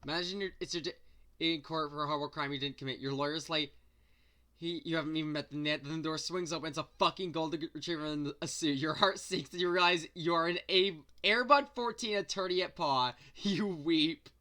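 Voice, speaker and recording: A man's voice: a little high, fairly quick, sharp tone. A man streaming a video game, cracking jokes and swearing in his asides while reading the dialogue. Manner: joking, profane asides. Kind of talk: let's-play commentary.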